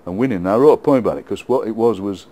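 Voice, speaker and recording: A middle-aged man with a Yorkshire accent, a poet being interviewed, telling lively football anecdotes with frequent laughs and repeated words. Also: on the low side, very fast. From England. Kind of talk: casual storytelling interview.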